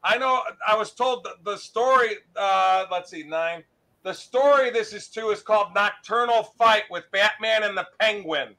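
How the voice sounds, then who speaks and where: A middle-aged man, a comic art dealer, giving a fast live sales pitch and repeating his prices. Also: pushed and bright, low-quality recording.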